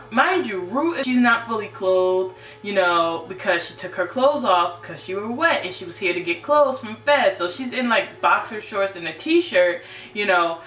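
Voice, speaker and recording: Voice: mid-range voice, bright, forceful tone. A TV series reviewer giving a casual, chatty episode recap, full of "right?" and "you know". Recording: roomy, distant mic, faint hum.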